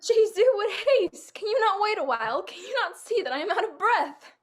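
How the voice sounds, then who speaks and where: A woman's voice: high voice, expressive, moderate pace. A woman playing a chatty, fussy old nurse with a teasing, giggling manner in a video-call reading. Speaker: actor. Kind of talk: virtual staged reading.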